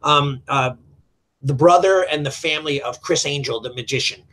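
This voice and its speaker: Man in his middle years, raised voice pitch, chatty and animated, talks business. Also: normal speed. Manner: animated, acts out quoted dialogue. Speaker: martial arts school owner. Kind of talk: storytelling in a business chat.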